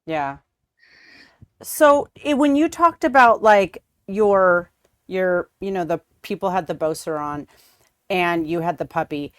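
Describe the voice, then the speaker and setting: A woman's voice: lowish voice, expressive, slow, clean tone, no echo, clean studio sound. Chatty woman host asking friendly questions. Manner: chatty, laughs easily, asks friendly questions. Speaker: host and interviewer. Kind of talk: casual interview conversation.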